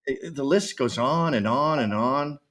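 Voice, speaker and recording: A man's voice: mid-range voice, a little slow, a bit bright. A Canadian man speaking as a podcast guest on a remote call, blunt, provocative and joking in casual conversation.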